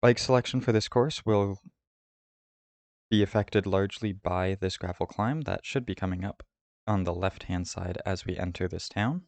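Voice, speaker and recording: A man hosting a route guide, giving a steady, methodical voice-over about a race course. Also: low-pitched, moderate pace, no echo. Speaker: host of a cycling route guide. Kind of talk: scripted voice-over over game footage.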